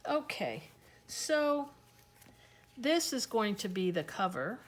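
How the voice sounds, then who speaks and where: Unhurried woman chatting through a craft tutorial. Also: mid-range voice, sing-song. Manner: chatty, unhurried, talks through each step. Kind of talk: casual crafting tutorial, thinking aloud.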